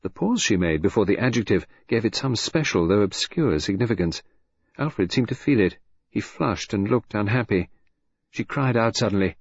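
A man with a low, husky voice reads a novel in a measured, expressive way. His intonation moves widely through each sentence. The recording is dry and somewhat dull. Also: no echo. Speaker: audiobook narrator. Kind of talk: scripted narration.

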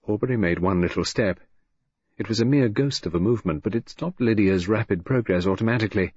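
A man with a husky voice narrating an audiobook in a measured, expressive reading. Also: fairly low pitch, no room sound. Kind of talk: scripted narration. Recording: dull, dry lo-fi recording.

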